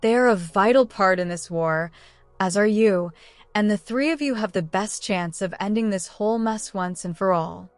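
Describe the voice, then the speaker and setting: A woman's voice: medium pitch, normal speed, no room sound, soft background music, lightly acted. A woman reading a devoted young wizard's love letter aloud in an audiobook. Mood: tender. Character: young man, tender devoted wizard lover. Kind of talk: audiobook narration.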